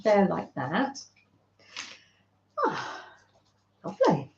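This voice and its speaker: A woman hosting a craft channel, chatting gently and fondly with viewers on a livestream. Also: mid-range voice, huge pitch swings, drawn-out words, creaky, roomy sound, lo-fi sound, a little hiss or hum. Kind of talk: casual livestream chat with viewers.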